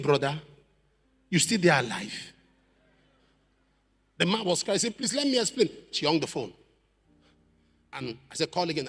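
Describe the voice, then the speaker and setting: A male preacher telling a dramatic story in a sermon, acting out the voices of the people in it and building to shouted prayer. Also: high voice, husky, in a large hall. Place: church.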